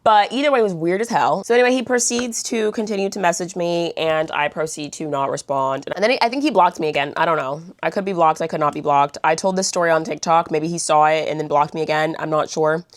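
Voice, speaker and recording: A woman's voice: low voice, fast, hardly any pauses, no room sound. A young woman vlogger telling a storytime in a blunt, chatty way, swearing and saying "like" a lot. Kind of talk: storytime vlog.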